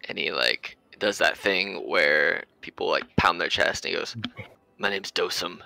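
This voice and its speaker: Male GM, casual, gravelly, with a bright edge, close and dry sound. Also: sits low, moderate pace, no echo, poor audio. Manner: loose, casual narration with many fillers. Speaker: game master. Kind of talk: narrating a tabletop game.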